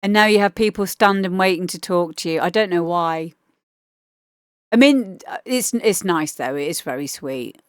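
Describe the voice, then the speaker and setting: A woman's voice: fairly low pitch, expressive, moderate pace, clean tone, no room sound, studio quality. A woman DJ chatting casually and enthusiastically on a livestream as she reviews listeners' demo tracks, swearing now and then. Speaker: DJ giving feedback on listener demos.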